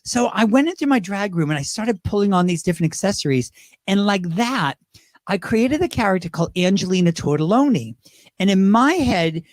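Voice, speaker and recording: A man's voice: sits high, dry recording, clean studio sound. A man who performs drag and impersonations, telling stories in a casual interview and slipping into voices. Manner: chatty storyteller, lively, slips into voices.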